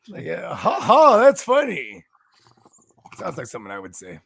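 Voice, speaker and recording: A man's voice: high voice, wildly swooping pitch, normal speed, gravelly, fairly bright tone, breathy edge, dry recording. A man co-hosting a casual sports chat, talking in loose, slangy, laughing banter. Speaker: co-host.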